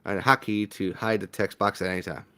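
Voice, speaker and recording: A man playing a visual novel and reading its narration aloud, playful and expressive. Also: fairly low pitch, fairly quick. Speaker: gaming streamer.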